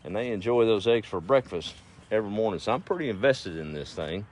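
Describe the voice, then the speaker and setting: A man voicing a self-important old farm chicken in a squawky, high voice. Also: animated, a little fast, a little mellow, a little hiss or hum, lightly acted. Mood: boasting. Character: boastful old hen on a farm.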